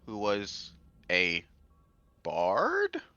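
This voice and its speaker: A man's voice: on the low side, wildly swooping pitch, extremely slow, pushed and bright, clean tone, dry recording, highs cut off. A man recapping a tabletop game story in a rambling, hesitant way, with many fillers. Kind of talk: casual in-character recap.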